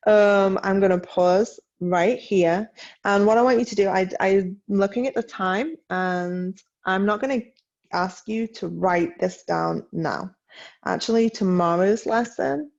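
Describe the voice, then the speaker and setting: A woman teacher records a lesson for her class at home. She speaks at an unhurried pace, pronouncing each French word with care. The audio is a little dull and lo-fi. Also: medium pitch, gravelly, a little mellow. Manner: slow, carefully enunciated French read-along, brisker English instructions.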